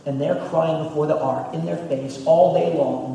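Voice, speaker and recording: A man preaching a sermon as pastor, emphatic, repeating phrases and swinging between loud and hushed. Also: on the high side, fairly even intonation, moderate pace, creaky, few pauses, slight background noise. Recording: echoey hall, distant mic, faint ambience.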